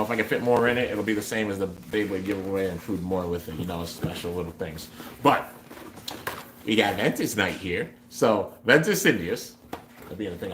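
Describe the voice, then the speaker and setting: A man's voice: lowish voice, echoey room, background noise. A young man hosting a toy giveaway on a livestream, chatty and upbeat as he reads out comments from viewers. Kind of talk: casual livestream chat.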